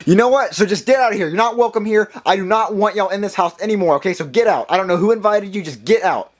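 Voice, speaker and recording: Guy doing a high whiny mario, frantic, says stuff over and over, puppet skit. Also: fast. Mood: insistent. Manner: whiny, repeats himself in a panic. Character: whiny frantic male plumber in a cap.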